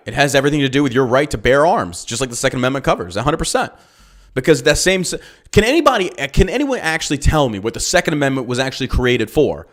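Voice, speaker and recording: A male podcast host and business owner ranting about politics, swearing freely and firing off rhetorical questions. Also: on the high side. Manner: profane, heated, rhetorical questions. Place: lives in Texas.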